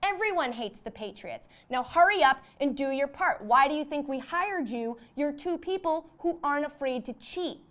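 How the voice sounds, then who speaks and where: A woman's voice: high-pitched, animated, normal speed, hardly any pauses, fairly bright tone, voice pushed up. A woman voicing a smug, corrupt male cop who taunts and sneers in a comedy bit. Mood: smug taunting.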